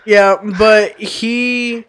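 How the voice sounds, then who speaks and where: A man with a high, smooth and clear voice co-hosts a casual podcast chat. He rambles and restarts his sentences as he talks. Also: flat delivery, extremely slow, a bit bright. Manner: chatty, rambling, restarts often. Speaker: podcast co-host.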